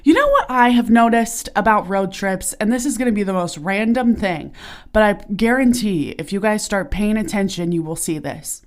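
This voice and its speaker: A woman's voice: mid-range voice, animated, moderate pace. A young woman hosting her own podcast in casual, bubbly chat full of fillers and giggles, recorded in a small sauna. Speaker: podcast host. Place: small turned-off home sauna. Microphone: podcasting equipment while lying on her stomach.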